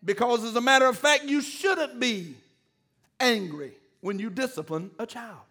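A middle-aged pastor preaching a sermon, calling out to the congregation and building to emphatic peaks. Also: male voice, very high voice, moderate pace, bright, forceful tone. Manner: call-and-response preaching, rising to emphatic peaks.

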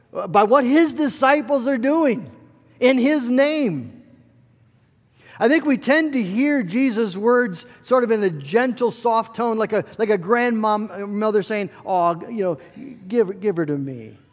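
A man's voice: sits high, big-room sound. A pastor delivering an earnest, emphatic sermon, often repeating words as he builds a point.

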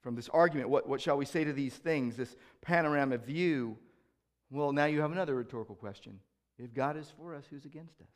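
A man preaching a sermon as pastor, repeating key phrases and asking rhetorical questions, moving between loud proclamations and quieter reflective asides. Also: a little high.

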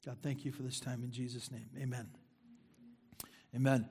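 A middle-aged man preaching a sermon in a conversational way, repeating phrases for emphasis and dropping into quiet asides. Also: medium pitch, steady tone, moderate pace, breathy edge. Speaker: pastor.

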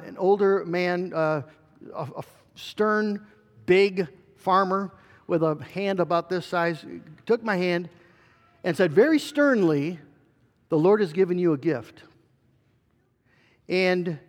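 A man's voice: high-pitched, slow pace, pauses often, long reverb tail. A middle-aged male pastor preaching a sermon in an earnest way, with fillers and restarts.

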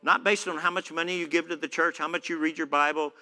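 A man's voice: a little high, flat delivery, quick pace, pushed and bright. A man preaching a sermon in a church, conversational, with many fillers. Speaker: pastor. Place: church hall. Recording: echoey church hall.

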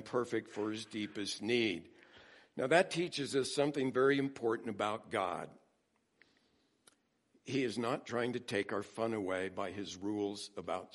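Male pastor mid-sermon, middle pitch, slow and deliberate, playful storytelling that turns animated. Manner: animated, acts out quotes with rising excitement; humorous storytelling.

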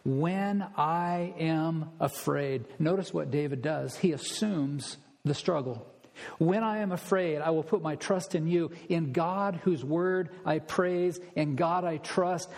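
A man's voice: fairly high pitch, a little slow, darkish tone, in a large hall. A man preaching an expository sermon as a pastor, emphatic and stressing his points through repetition.

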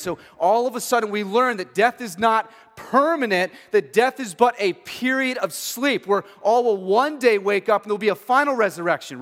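A man preaching an expository sermon, swinging between loud emphatic stretches and very quiet passages, checking in with listeners with "okay" and "right". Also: sits high. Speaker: pastor. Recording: long hall reverb.

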